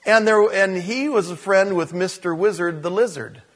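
A man's voice: sits high, moderate pace. An older man preaching a sermon in a church, telling stories and joking with the congregation. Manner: animated, storytelling, joking with the congregation. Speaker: pastor.

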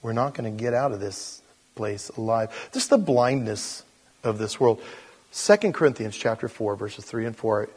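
A man preaching a sermon as pastor, talking conversationally and building up to loud, animated storytelling. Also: on the low side, normal speed, breathy edge, in a large hall.

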